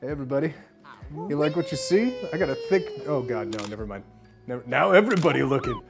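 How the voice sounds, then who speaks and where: A tipsy livestreamer chatting casually with viewers from home, breaking into loud excited yelps and shouts. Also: medium pitch, fast talker, gravelly. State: tipsy from drinking. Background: music playing.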